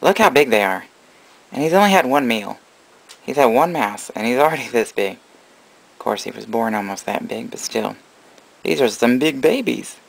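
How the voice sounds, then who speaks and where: Gravelly-voiced man cooing over baby snakes. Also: mid-range voice, lively intonation, moderate pace, long pauses, rough recording. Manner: cooing baby talk to animals mixed with plain explanation. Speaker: reptile breeder. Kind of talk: casual vlog narration.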